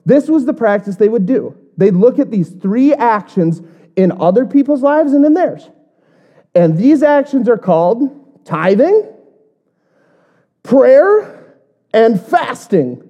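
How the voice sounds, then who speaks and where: A woman giving a casual Bible teaching. She jokes between passages and reads scripture slowly. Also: high voice, mellow.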